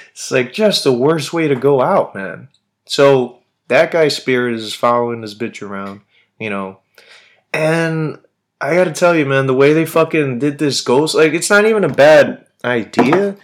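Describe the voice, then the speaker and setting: A man's voice: mid-range voice, normal speed. A man hosting a podcast, chatting casually in a rambling way, swearing constantly and using lots of slang. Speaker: podcast host. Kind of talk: casual chat.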